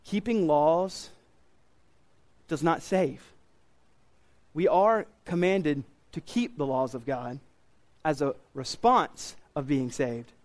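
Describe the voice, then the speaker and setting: Earnest pastor preaching a sermon. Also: male voice, on the high side, lively intonation, slow pace, pauses often. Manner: earnest, emphatic, repeats key phrases.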